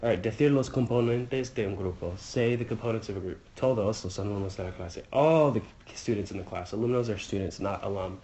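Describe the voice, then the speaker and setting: A man's voice: fairly low pitch, fairly quick, few pauses, mellow, a little hiss or hum, low-quality recording. A man, casually walking through a Spanish vocabulary review, thinking aloud with fillers and translating phrase by phrase. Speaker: Spanish teacher or tutor. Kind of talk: casual exam-review walkthrough.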